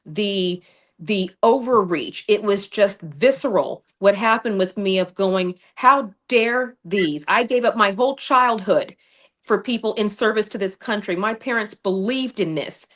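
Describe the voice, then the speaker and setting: A woman's voice: mid-range voice, moderate pace. Woman host on a political stream, fired up and indignant, video call mic. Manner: impassioned, indignant storytelling. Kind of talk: political talk show.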